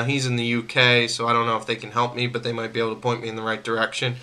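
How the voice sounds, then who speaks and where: Man, angry, very bright voice, repetitive, stumbles and restarts, vlog rant. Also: mid-range voice. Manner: irritated, repetitive, stammering restarts. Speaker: vlogger. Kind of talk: venting straight to camera.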